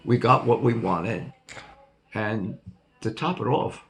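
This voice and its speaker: A man's voice: lowish voice, animated, slow, vocal fry, fairly bright tone. An older man hosting his own vlog, telling a rambling, jokey story to his viewers and laughing at himself. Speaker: vlog host.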